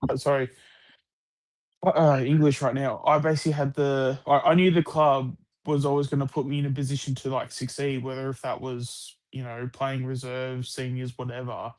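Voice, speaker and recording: A man's voice: mid-range voice, flat delivery, normal speed. An Australian man chatting casually about sport on a live stream, rambling with lots of restarts and the odd swear word.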